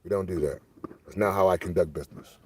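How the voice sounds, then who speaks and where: A man from Milwaukee, a streamer, telling stories in a loose, animated, profane way. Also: sits low, fast, husky. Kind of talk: casual storytelling monologue.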